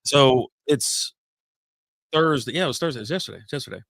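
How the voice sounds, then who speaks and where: A man's voice: mid-range voice, expressive, brisk, gravelly, fairly bright tone, dry recording. A man hosting a casual beer-chat podcast, telling rambling stories that jump from topic to topic and cursing casually. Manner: rambling, jumps between stories, swears casually. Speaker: podcast host.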